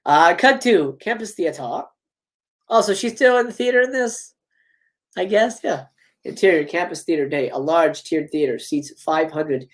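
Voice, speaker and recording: A man hosts a live reading of a film script, moving through stage directions and breaking off into chatty asides. His voice swoops up and down with lively, animated pitch. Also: normal speed. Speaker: host.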